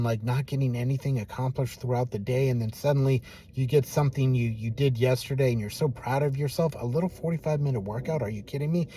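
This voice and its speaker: Middle-aged man, video diary, glum self-mocking musing, warm dark tone, dry close sound. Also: medium pitch, no room sound. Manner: downcast, self-deprecating, musing. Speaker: vlogger.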